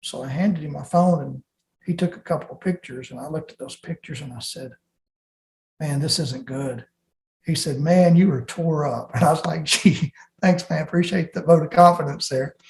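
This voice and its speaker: A man's voice: fairly high pitch, moderate pace, vocal fry, a little hiss or hum. A man giving an earnest personal testimony as an interview guest, often restarting his sentences. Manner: earnest storytelling with frequent restarts. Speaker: interview guest, plane crash survivor. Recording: roomy echo.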